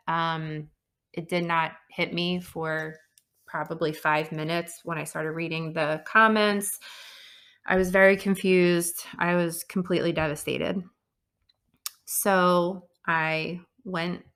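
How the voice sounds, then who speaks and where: An earnest woman hosts her own podcast in a personal storytelling monologue. Her voice sits a little low but sounds bright and forceful. She pauses often with soft fillers as she reflects. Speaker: podcast host.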